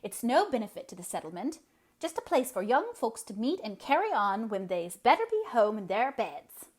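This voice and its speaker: A woman's voice: fairly high pitch, big pitch swings, moderate pace, voice pushed up. Storybook: sour old spinster, grim and contemptuous, put on by a woman narrator. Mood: scornful. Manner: scornful, contemptuous.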